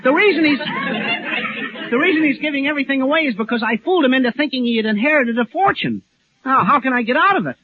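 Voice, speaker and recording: An actor playing a harried comic lead with exasperated, quick reactions in 1940s radio sitcom style. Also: male voice, very high-pitched, expressive, breathy edge, a faint crowd, full character voice. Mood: teasing. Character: harried comic lead, scheming to fix his mess. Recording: tinny old radio broadcast, loud hiss, studio audience.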